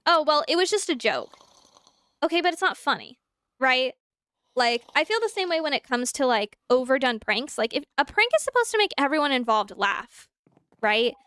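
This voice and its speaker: A woman's voice: sits high, smooth, dry recording. A young adult woman streamer chatting casually and animatedly, answering her chat while she plays. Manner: animated, talks through examples, answers chat.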